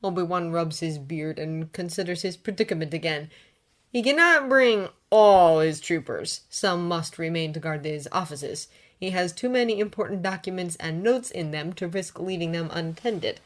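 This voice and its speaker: A woman narrating fanfiction aloud in a steady, unhurried reading voice. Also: fairly low pitch.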